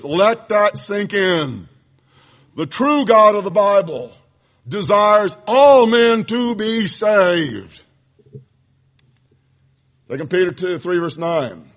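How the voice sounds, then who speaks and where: A male preacher, teaching a sermon lesson bluntly and with passion, often calling his listeners folks. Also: fairly high pitch.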